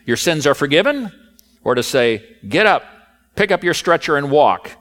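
A calm, authoritative teacher, played by a preacher speaks with measured command, his voice rising firmly on the orders. It sounds steady, unhurried and sure of itself. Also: on the high side, big-room sound.

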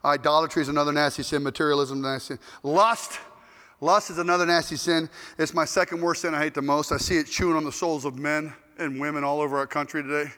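A man preaching in a bright, high, forceful voice, telling a sermon story with jokes and loudly acted-out quotes. His voice rings with long hall reverb. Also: quick pace. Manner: animated, joking storyteller who acts out quotes loudly.

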